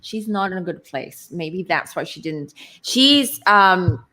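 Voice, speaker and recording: A woman's voice: lowish voice, lively intonation, slow, sharp tone. Musing woman giving a tarot reading. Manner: searching for words, intuitive, musing. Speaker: tarot reader guest. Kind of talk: casual tarot reading chat.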